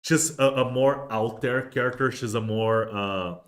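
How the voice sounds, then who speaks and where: A man's voice: medium pitch, measured pace. A man hosting a casual livestream, rambling with many restarts and fillers. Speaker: host of a miniatures livestream.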